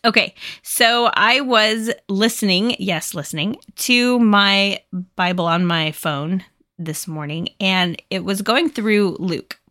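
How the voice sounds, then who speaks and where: A woman's voice: medium pitch, slow pace, sharp tone. A woman hosting a casual podcast, chatty and playful, often laughing. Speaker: podcast host.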